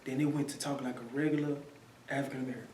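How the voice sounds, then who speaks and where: A man's voice: medium pitch, fairly even intonation, very fast, darkish tone, echoey room, recorded from a distance, a little hiss or hum, poor audio. A man chatting casually as a commentator, telling a story in loose slang and repeating himself. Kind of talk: casual chat.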